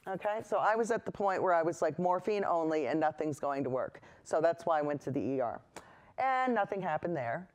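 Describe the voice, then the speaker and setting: A painting instructor talks viewers through a lesson in an indoor studio. The voice sits in a middle pitch. The delivery is easygoing and reassuring, and it keeps wandering off into personal asides before coming back to the brushwork. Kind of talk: chatty on-camera painting lesson.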